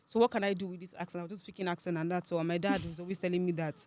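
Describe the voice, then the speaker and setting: A young woman with a Nigerian accent, a podcast guest telling her story in a lively, chatty way. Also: on the low side. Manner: chatty, animated storytelling with quick laughs. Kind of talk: casual interview chat.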